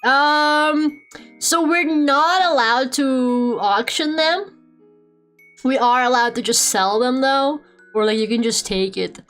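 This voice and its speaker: Young woman, Russian accent, high voice, casual stream chat, laughs and swears, soft music underneath. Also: slow pace. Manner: animated, swears a lot, laughs often. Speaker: VTuber streamer. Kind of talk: casual live-stream chat while drawing. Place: home room.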